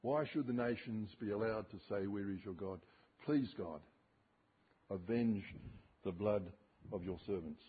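A male preacher giving an expository sermon, reading scripture slowly and emphatically, with dramatic rises and drops in his voice. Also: on the low side, breathy edge. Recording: tinny phone-like sermon recording.

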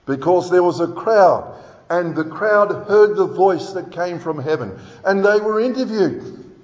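A man's voice: high voice, animated, unhurried. A man preaching a sermon in an earnest, emphatic way, reading scripture aloud. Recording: dull sound with long hall reverb.

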